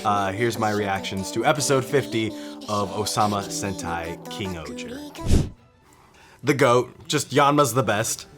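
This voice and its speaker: A young man giving casual, excited reaction commentary on a show, swearing often and laughing as he watches. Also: on the low side, measured pace, music in the background. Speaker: reaction video host.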